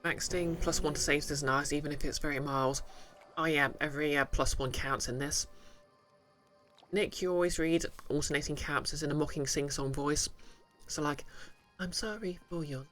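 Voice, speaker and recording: Game streamer, casual live commentary, mid-pitched voice, soft background music. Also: fairly even intonation, moderate pace. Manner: chatty, reads menu items aloud and answers chat.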